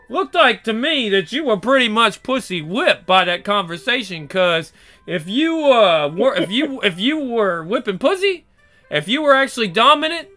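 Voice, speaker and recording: A young man with a high, forceful, bright voice tells his stories in a loose, profane way. He slips into the other people's lines as he goes. Soft music plays faintly behind him. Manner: profane, acts out quoted dialogue. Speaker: storyteller. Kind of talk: casual storytelling.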